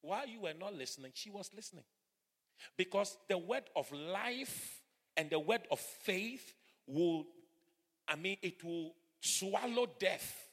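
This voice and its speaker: A middle-aged man preaching a sermon, swinging from hushed asides to fervent shouting. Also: high-pitched, expressive, a little slow, long reverb tail. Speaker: pastor. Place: church hall.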